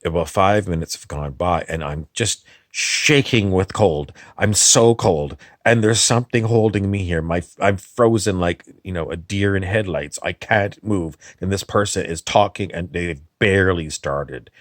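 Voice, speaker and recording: Low-voiced man in a rambling comic monologue. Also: no echo, clean studio sound. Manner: meandering, halting, drifts off topic. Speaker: comedy channel host in character.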